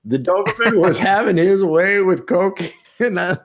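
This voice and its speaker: A man with a slightly high voice tells a rambling story on a casual podcast. He swears freely and keeps leaping into squeaky, shouted impressions. His pitch swings widely as he goes. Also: normal speed. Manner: animated storyteller, swears often, jumps into high acted voices. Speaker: podcast co-host.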